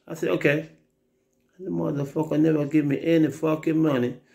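A man's voice: on the high side, little pitch movement, fairly quick, creaky, dark tone. A Jamaican man telling rambling, profane stories in casual chat, often mimicking other people's voices. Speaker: reggae artist telling stories on a livestream.

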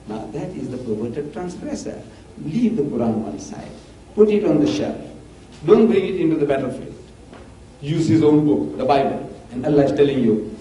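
Older man, lecture, emphatic, somewhat high voice, faint hiss. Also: animated, normal speed, mellow. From South Africa. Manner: emphatic, rhetorical questions, exclamations. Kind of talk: public lecture with questions and answers. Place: mosque hall. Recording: echoey hall from far off, faint hiss.

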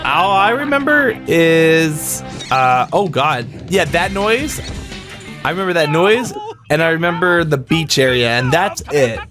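Excitable young man co-hosting a game stream. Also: fairly high pitch, measured pace, over music. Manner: excitable, laughing, swearing freely. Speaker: gaming channel co-host. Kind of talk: casual let's play chat. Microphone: headset or desk mic, no webcam.

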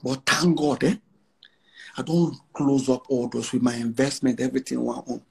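His medium-pitched voice is gravelly and slightly rough, with fairly even intonation and a moderate pace. An Igbo Nigerian musician around forty with a Nigerian Pidgin English accent, he's a guest in a casual interview, speaking brashly and repeating lines for emphasis.

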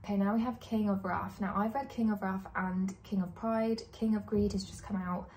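A woman's voice: medium pitch, fairly even intonation, moderate pace, darkish tone, a little hiss or hum. A young woman in her twenties, a vlogger giving casual, candid book opinions with plenty of "like" and "um". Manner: chatty, candid, lots of likes and ums. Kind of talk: casual chat.

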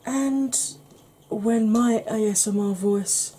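A woman talking softly in a casual ASMR makeup video, drifting into whispers. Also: on the high side, slow pace, a little hiss or hum. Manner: chatty, softly spoken with whispered stretches. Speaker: beauty YouTuber. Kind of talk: soft-spoken ASMR makeup chat.

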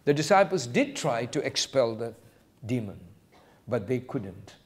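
A man preaching a sermon as pastor, quoting scripture and acting out short exchanges with animated delivery. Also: medium pitch, measured pace, slightly rough.

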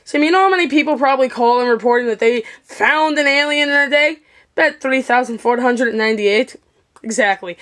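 A woman acting in an improvised comedy skit at home, swinging between excitable, panicked shouts and flat deadpan lines, recorded on the camera's own mic. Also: sits high, fairly quick. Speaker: home video skit performer.

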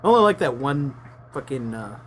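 A man's voice: medium pitch, big pitch swings, a little fast, a little hiss or hum. A man co-hosting a casual chat show, blunt and swearing often. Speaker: show co-host.

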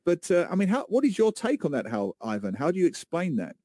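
A man co-hosting a radio interview, chatty and asking lively questions. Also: high voice, quick pace, dry recording. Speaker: radio co-host.

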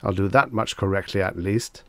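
A man's voice: sits low, moderate pace, no echo, natural voice. A man voicing a flustered, tipsy male figure of Death who wails and frets. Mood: fretful. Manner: anxious, wailing complaints.

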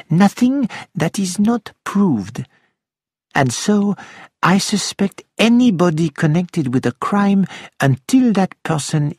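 A man voicing a shrewd older detective who presses a witness in a deliberate, persuasive way. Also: a little high, a little mellow, slightly rough, no echo, clean studio sound, heavily acted.

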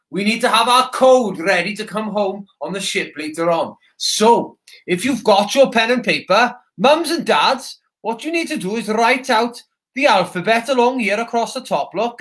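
Excitable, high-voiced Welsh man, shouting. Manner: excitable, shouty, chatty with viewers. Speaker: children's presenter in character as a soldier. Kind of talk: live interactive children's broadcast. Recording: roomy echo.

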